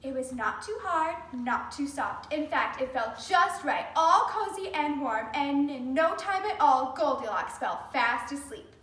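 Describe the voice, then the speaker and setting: High, lively woman reading to kids. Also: unhurried, hardly any pauses. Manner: animated, speaking to children. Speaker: children's storyteller. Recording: roomy, from a distance.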